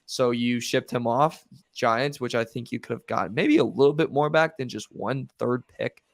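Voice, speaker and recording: A man's voice: mid-range voice, moderate pace, dry recording, clean studio sound. A man co-hosting a sports podcast, talking football in a laid-back, casual way with everyday comparisons. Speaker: podcast co-host.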